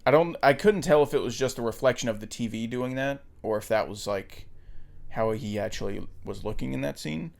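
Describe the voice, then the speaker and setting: A man co-hosting a podcast, chatting casually about a film in a thoughtful, hesitant way with frequent pauses. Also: medium pitch, gravelly. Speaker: podcast co-host.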